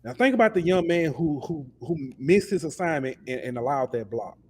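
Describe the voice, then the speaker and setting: Man, sports podcast host, passionate, casual, repeats himself, slightly high pitch. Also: expressive, normal speed, darkish tone, breathy edge. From lives in Alabama. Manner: passionate, ranting, repeats words.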